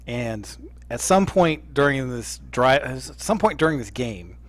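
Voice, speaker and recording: A man hosting a live sports chat show, animated and jokey, fond of mimicking lines. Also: medium pitch, a little slow. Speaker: podcast host. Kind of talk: casual chat.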